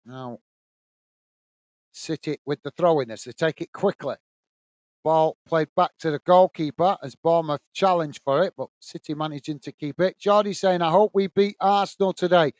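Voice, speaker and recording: A man's voice: normal speed, no room sound. A man from the UK hosting a live football watch-along, calling the play steadily and chatting with viewers between moves. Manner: steady play-by-play, lifts pitch when greeting viewers. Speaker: watch-along host and commentator.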